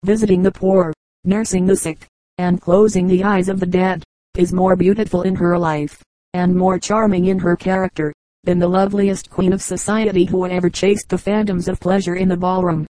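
A woman narrating an audiobook in a measured, orotund reading style. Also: on the low side, level tone, dark tone, no echo, rough recording. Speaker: audiobook reader.

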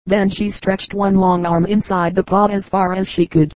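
Calm, even-voiced woman reading folk tales. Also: mid-range voice, normal speed, dry recording, rough recording. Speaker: audiobook reader. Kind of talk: scripted narration of folk tales.

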